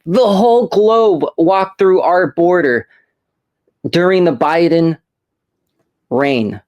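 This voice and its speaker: A man's voice: high voice, slow, a little mellow, dull audio. A man hosting a casual chat, telling a rambling story and restarting his sentences. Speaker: host.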